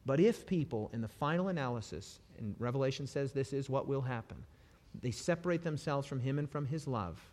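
A man delivers an impassioned sermon, his voice sitting at a middle pitch. He drops to soft, pleading tones, then swells into loud emphasis. His words ring out with the long reverb of a large hall. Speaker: preacher.

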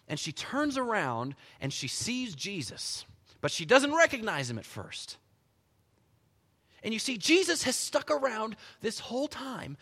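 A man preaching a sermon as pastor, telling the story with animated energy and dropping to soft, quiet stretches. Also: high voice, a little slow, husky. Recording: long hall reverb.

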